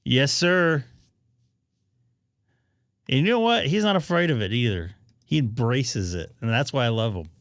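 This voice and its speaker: A man hosting a casual live stream about amateur radio, chatting to viewers while he troubleshoots his setup out loud. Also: medium pitch, expressive, moderate pace, no room sound, clean studio sound.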